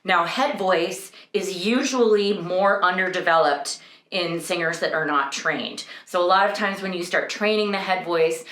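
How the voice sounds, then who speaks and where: A woman's voice: lowish voice, unhurried, a bit bright. A young adult woman vocal coach, explaining singing registers and breaking into sung examples. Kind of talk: singing lesson with sung demonstrations. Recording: echoey room.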